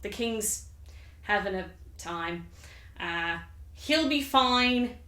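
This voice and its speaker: A woman's voice: medium pitch, animated, extremely slow, bright, forceful tone, heavily acted. A woman voicing a scheming queen who covers for her husband, in a falsely soothing, dismissive way. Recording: roomy echo.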